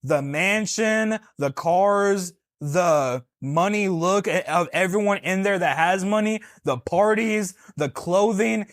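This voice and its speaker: A man's voice: high-pitched, slow, hardly any pauses, no room sound, clean studio sound. A young man co-hosting a podcast, opinionated and teasing as he chats about movies. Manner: playful, opinionated, asks teasing questions. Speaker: podcast co-host. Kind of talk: casual chat.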